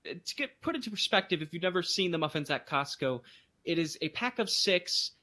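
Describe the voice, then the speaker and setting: A man co-hosting a podcast, telling a story in casual chat and jumping into high voices for emphasis. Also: brisk. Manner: animated storytelling, voices others in bursts of high pitch. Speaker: podcast co-host.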